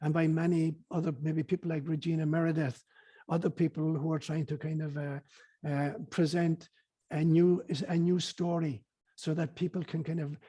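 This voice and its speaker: Husky, mellow man telling a story. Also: on the high side, little pitch movement, moderate pace. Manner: earnest, hesitant fillers, storytelling. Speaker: guest speaker on spirituality. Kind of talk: reflective storytelling interview.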